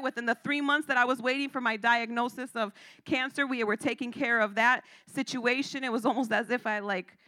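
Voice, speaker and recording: Woman preaching, hushed to shouting. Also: high voice, no echo, clean studio sound. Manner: dramatic swings from hushed near-whisper to loud preaching; emphatic repetition. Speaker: church speaker giving testimony. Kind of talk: sermon testimony.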